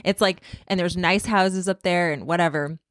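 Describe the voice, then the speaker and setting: A woman's voice: lowish voice, moderate pace, dry recording, studio quality. A young woman hosting a podcast, telling a story casually with lots of fillers and restarts. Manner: rambling, filler-heavy with many "like"s. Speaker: podcast host.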